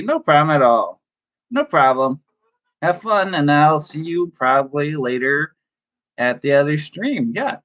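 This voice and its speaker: A man chatting casually on a live stream from his room, excitable and chatty, laughing often. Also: on the high side, muffled recording. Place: home room.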